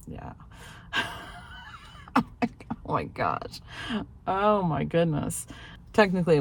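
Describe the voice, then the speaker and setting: A woman in her forties telling a story casually to her viewers, acting out the voices of others and laughing often. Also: sits low. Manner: chatty storytelling, acts out quoted lines, laughs often. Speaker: vlogger. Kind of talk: casual chat to camera.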